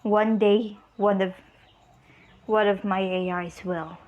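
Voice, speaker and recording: A cold robot villain in a fan story, threatening in a low half-whisper, as a young woman puts him on. The words come slowly. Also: fairly even intonation, phone-quality sound, natural voice. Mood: menacing. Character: cold male villain speaking through a robot.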